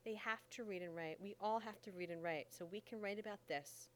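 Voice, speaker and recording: A woman reading an audiobook voices a calm, plain-spoken grown man who escaped once and came back to teach. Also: high-pitched, brisk, a little hiss or hum. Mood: patient.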